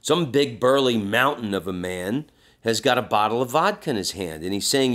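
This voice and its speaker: A man hosting a podcast, telling a story with crude jokes and reading passages aloud. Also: medium pitch. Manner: animated storyteller, crude jokes, acts out voices. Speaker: podcast host.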